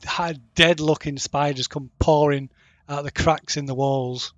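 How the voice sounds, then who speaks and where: A man narrating as game master, halting and restarting with many fillers. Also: fairly high pitch, steady tone, no room sound, dull audio.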